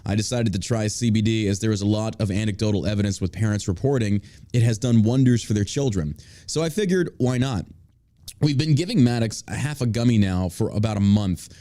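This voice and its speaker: A man's voice: fairly low pitch, brisk, dark tone. A man hosting a podcast in casual banter, brash and profane, mocking his critics. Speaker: podcast host.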